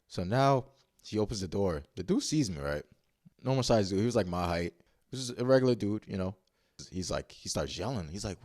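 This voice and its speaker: A man's voice: lowish voice, lively intonation, a little fast, a little mellow, no echo, clean studio sound. A man casually telling a story-time tale in blunt, profane slang, rambling and restarting as he goes. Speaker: vlogger.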